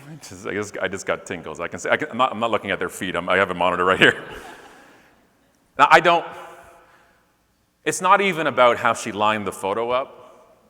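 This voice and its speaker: A man's voice: lowish voice, a little fast, pauses often. A man giving a comedic keynote speech to a live audience, joking and talking straight to the crowd. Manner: animated, joking, talks to the crowd. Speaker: keynote speaker. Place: large conference hall with live audience. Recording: long hall reverb.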